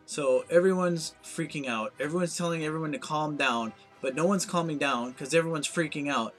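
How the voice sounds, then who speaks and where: A man's voice: on the high side, brisk, few pauses, a bit bright, faint music behind. A man ranting in a comedic vlog monologue, anxious, rambling and self-mocking. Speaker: vlogger.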